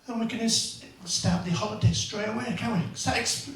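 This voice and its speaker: A man's voice: high voice, moderate pace, fairly bright tone. A man doing stand-up, telling crude rambling family stories full of tag questions. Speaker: stand-up comedian. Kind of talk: stand-up comedy routine. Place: comedy club stage. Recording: echoey venue, mic far off.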